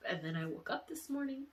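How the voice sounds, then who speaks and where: A young woman vlogger emotionally retelling a dream in a casual, animated way. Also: high-pitched, slight background noise. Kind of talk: casual storytelling.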